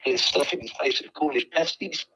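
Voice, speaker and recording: A man's voice: a little high, moderate pace, bright, forceful tone, breathy edge. A male caller doing a put-on Australian accent over a muffled phone line, rambling and joking. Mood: mock accent. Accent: mock Australian. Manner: jokey, rambling, laughing.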